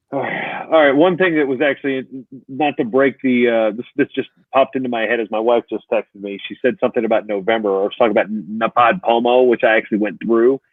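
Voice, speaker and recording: A man's voice: medium pitch, steady tone, a little fast. A man chats on a podcasting livestream and keeps cracking jokes and laughing along. His voice comes through a tinny, phone-like line with no room echo. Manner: joking, laughs often. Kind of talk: casual chat.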